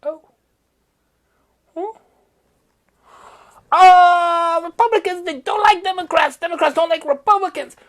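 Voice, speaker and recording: A woman's voice: very high voice, unhurried, pauses often. A woman hosting a satirical news podcast, talking in a playful, sarcastic sing-song way with mock cheering and clipped, broken-English asides. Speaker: podcast host.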